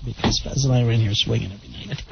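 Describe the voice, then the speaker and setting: A man's voice: mid-range voice, steady tone, fast, vocal fry. A man hosting a call-in radio show, teasing his callers and co-workers in a dry way. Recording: dull broadcast audio with noise.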